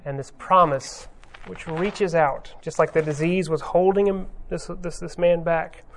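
Guy preaching casual, kinda higher voice, lots of um and uh. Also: steady tone, measured pace, a little hiss or hum. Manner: conversational, many ums and uhs, retells scenes with quoted lines. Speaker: pastor. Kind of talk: informal sermon.

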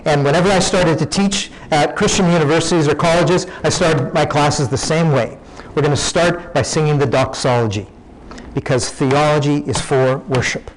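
A man's voice: fairly high pitch, low-quality recording. A man preaching a sermon, teaching in a conversational way, often restarting his sentences.

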